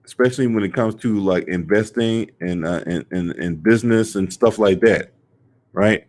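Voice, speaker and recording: A man with a low-pitched voice and hosts a casual commentary stream. He talks loosely, swears freely and fills his sentences with "um" and "you know." He calls out to viewers in his chat as he goes. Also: normal speed, darkish tone. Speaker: host of a sports and politics channel.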